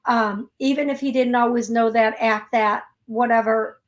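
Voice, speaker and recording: A woman hosting a call-in show, giving a psychic reading in a gentle, chatty way and spelling words out letter by letter. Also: fairly high pitch, fairly even intonation, moderate pace, hardly any pauses. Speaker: psychic medium host.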